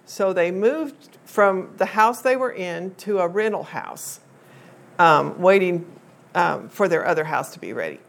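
A woman's voice: fairly low pitch, animated, creaky. Older woman telling a family story. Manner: chatty, unhurried, with many um fillers and restarts. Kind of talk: personal storytelling to an audience.

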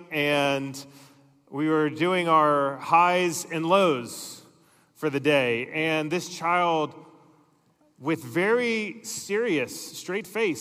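A middle-aged male pastor preaching a sermon in a church, telling stories and dropping his voice to soft, slow emphasis. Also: a little high, smooth, in a large hall. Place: church sanctuary.

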